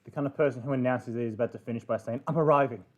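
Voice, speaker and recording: A man's voice: medium pitch, fairly even intonation, rapid-fire, mellow, highs cut off. A man co-hosting a casual stream, throwing in dry, teasing quips. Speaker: co-host. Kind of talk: casual chat.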